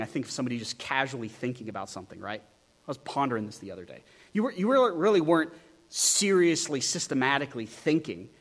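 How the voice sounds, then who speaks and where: A man preaching an expository sermon, emphatic and animated, asking the listeners many rhetorical questions. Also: a little high. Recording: long hall reverb.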